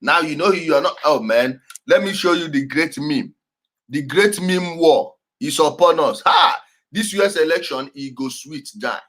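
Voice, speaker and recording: High, bright-voiced man commenting. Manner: emphatic, repeats key words, laughs often. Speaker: host reacting to clips. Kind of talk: animated commentary over clips.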